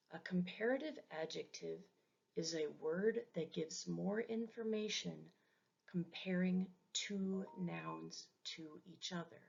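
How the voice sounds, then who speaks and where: Speaking in a lowish, gravelly voice with a darkish tone, a woman leads a slow, deliberate English grammar lesson. She chooses her words carefully and says example words again for her learners, captured on dull lo-fi audio.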